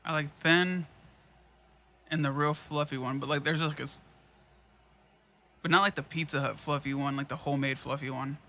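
A young man co-hosting a podcast, chatting casually in quick, profane, animated bursts. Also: on the high side. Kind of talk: casual chat.

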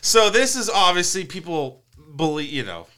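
A man hosting a casual podcast, telling a story in an animated way, laughing and acting out quotes. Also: high-pitched, moderate pace. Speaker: podcast host.

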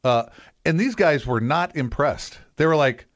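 Lively, higher-voiced radio guest man. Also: measured pace, lo-fi sound. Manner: animated storyteller acting out quotes. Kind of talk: casual chat.

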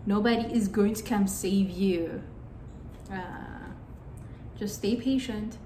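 A woman's voice: mid-range voice, a little slow, darkish tone. A young woman telling a personal story in a candid, rambling way, with plenty of fillers. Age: young adult. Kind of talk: casual storytime monologue. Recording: echoey room with faint background noise.

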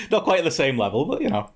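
A man's voice: on the high side, huge pitch swings, normal speed, slightly rough. A man hosting a casual podcast chat, laughing often and steering the conversation along. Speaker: podcast host.

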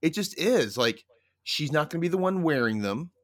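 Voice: mid-range voice, expressive, moderate pace, dry recording, studio quality. Rambling podcast guest in casual chat. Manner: loose, rambling, full of "like" and "you know".

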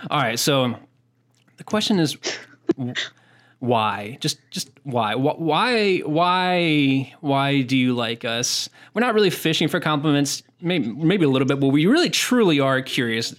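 A man's voice: medium pitch, lively intonation, moderate pace, a bit bright. A man hosting a podcast in a joking, casual way, often restarting his sentences. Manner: joking, repeats words when starting sentences. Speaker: podcast host.

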